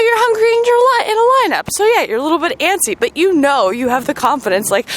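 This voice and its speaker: Solo podcast host, woman, high voice; raw, sweary, swings from loud to hushed. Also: slight background noise. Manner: emotional, profane, swings between loud outbursts and quiet murmurs. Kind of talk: candid personal monologue.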